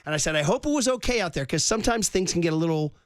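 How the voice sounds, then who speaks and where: A man hosting sports radio, telling stories in an animated, slangy way, calling people dude. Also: on the high side, very fast, dry recording, clean studio sound. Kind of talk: excited sports radio storytelling. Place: radio studio.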